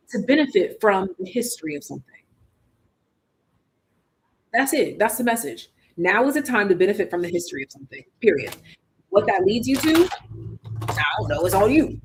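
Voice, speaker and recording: A tarot reader giving a casual live-stream reading, chatty and slangy, thinking aloud and swinging between hushed asides and loud exclamations. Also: medium pitch, slight background noise, rough recording.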